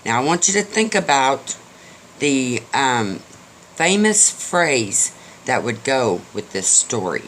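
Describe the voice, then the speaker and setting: Chatting and joking, an older man tells a folksy story in a casual way. He speaks slowly and very animatedly in a middle-pitched, fairly bright voice, with a faint hiss of noise running under the recording.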